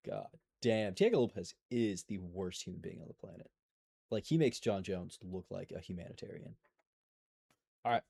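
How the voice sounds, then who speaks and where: A man's voice: on the low side, lively intonation, moderate pace, gravelly, darkish tone. Rambling, profane young man recapping fights. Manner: profane, rambling, self-interrupting. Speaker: MMA commentary YouTuber. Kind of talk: casual fight recap monologue.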